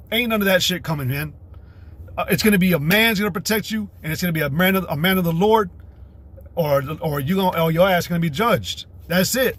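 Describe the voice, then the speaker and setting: Husky-voiced man preaching on a livestream. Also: high-pitched. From United States. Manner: profane, blunt ranting that alternates with reading scripture aloud. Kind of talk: casual livestream preaching with scripture reading. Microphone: streaming setup.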